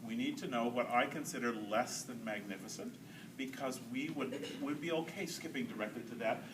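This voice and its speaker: A man's voice: mid-range voice, moderate pace, noisy background. A man leading a choir rehearsal, coaching singers and singing demonstrations. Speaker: choral conductor. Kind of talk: choral rehearsal clinic. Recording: roomy hall from far off.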